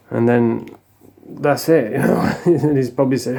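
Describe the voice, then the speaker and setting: Gravelly, dark-voiced man ranting. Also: medium pitch, normal speed. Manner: blunt and scornful, swears freely, many restarts. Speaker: commentary channel host. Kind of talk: casual rant to camera.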